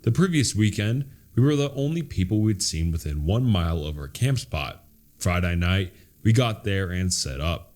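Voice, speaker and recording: A man reading horror stories aloud as a narrator, in a steady, measured storytelling style. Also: low-pitched.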